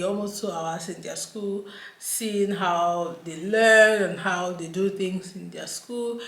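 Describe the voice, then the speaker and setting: A woman's voice: mid-range voice, fairly bright tone, roomy sound. A woman with a Nigerian accent from Nigeria, talking casually to camera as a vlogger, chatty and slipping into pidgin, laughing as she rants. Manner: chatty, mixes in pidgin, laughs while ranting. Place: indoors at home, daylight.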